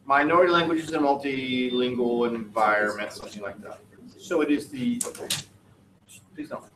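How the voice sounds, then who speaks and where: A man's voice: medium pitch, moderate pace, fairly bright tone, a little hiss or hum. Wry male teacher in an echoey classroom. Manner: wry, joking asides while reading aloud. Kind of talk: classroom feedback on student work. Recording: echoey classroom, distant mic.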